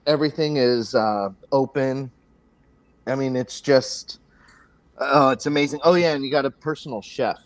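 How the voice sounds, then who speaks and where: A man's voice: mid-range voice, moderate pace, a little hiss or hum. A man talking casually as a podcast guest, in a laid-back way with many ums and restarts.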